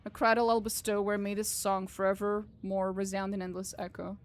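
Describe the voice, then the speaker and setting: A woman's voice: mid-range voice, little pitch movement, normal speed, soft background music, close to an everyday voice. Woman reading as a mocking harlequin poet. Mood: hushed. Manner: reads rhyming verse aloud.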